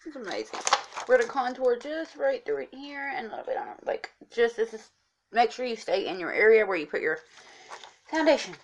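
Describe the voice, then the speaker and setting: A woman's voice: fairly high pitch, animated, fairly quick. A woman chatting through a casual makeup tutorial, talking straight to her viewers and explaining each step. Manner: chatty, instructive, addresses viewers as guys. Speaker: makeup vlogger.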